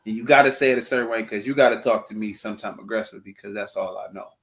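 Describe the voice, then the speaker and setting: A man's voice: on the low side, fast talker. Earnest young man talking marriage. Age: young adult. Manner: earnest, preachy asides to viewers, acts out quotes. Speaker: co-host. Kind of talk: casual chat.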